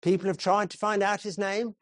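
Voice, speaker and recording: A man preaching a sermon in a measured storytelling voice, asking his listeners questions. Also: high voice, flat delivery, dry recording, clean studio sound.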